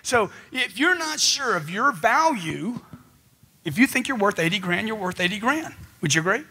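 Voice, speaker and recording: A man's voice: high voice, sing-song, moderate pace, bright, forceful tone, slightly rough. A man giving a live motivational seminar talk into a handheld mic, emphatic and firing off rhetorical questions. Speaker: motivational speaker.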